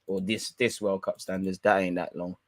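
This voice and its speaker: A young man giving excitable, banter-filled live reaction commentary on a football match. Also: deep voice, moderate pace, no echo. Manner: excitable, banter-heavy, swears. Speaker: football watch-along streamer.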